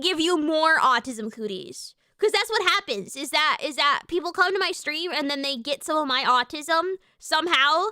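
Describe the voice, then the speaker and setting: A woman streamer chatting casually with her live chat, excitable and swearing freely, with lots of fillers and restarts. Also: high voice, moderate pace, no room sound, clean studio sound.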